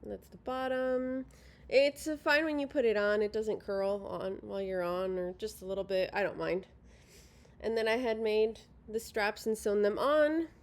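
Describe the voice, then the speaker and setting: A woman's voice: medium pitch, normal speed. A woman casually showing her handmade crafts at home, rambling with many ums and self-corrections, and a little sleepy. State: yawning, sleepy. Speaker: crafting vlogger. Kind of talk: casual show-and-tell. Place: at home by a sofa.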